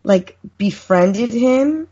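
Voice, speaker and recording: Chatty female podcast guest, slightly husky, muffled lo-fi sound. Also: fairly high pitch, expressive, extremely slow. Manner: chatty, warm storyteller. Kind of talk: casual podcast chat. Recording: muffled lo-fi call.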